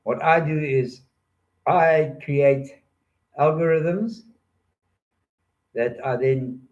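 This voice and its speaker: A man's voice: on the high side, very slow, a little mellow. Rambling, joking older man, lo-fi. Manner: playful, joking, digressive. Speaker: storyteller. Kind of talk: rambling monologue.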